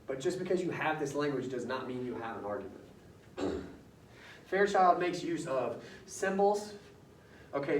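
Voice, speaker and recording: A man teaching a class in a conversational way, often pausing to ask his students questions. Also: mid-range voice, slight background noise. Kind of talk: classroom lecture. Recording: roomy classroom audio from far off.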